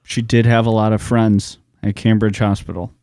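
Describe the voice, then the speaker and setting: A man's voice: lowish voice, flat delivery, normal speed, warm tone, clean tone, dry recording, clean studio sound. Laid-back, joking man. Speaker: podcast co-host. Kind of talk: casual history podcast chat.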